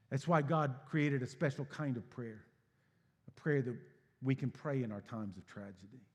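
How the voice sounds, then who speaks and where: A man preaching a sermon as pastor, swinging from hushed, low passages to loud, emphatic bursts. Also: breathy edge. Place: church sanctuary. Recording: long hall reverb.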